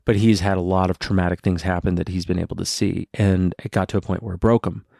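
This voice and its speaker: A man's voice: deep voice, fairly even intonation, quick pace, creaky, darkish tone, dry recording, studio quality. A man co-hosting a casual podcast as a parent, telling rambling stories and swearing freely.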